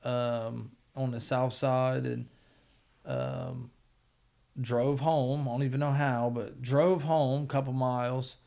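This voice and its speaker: A man's voice: medium pitch, flat delivery, takes it slowly, vocal fry, darkish tone. A middle-aged man, a podcast guest, telling his story in a blunt, profane, rambling way. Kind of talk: casual storytelling.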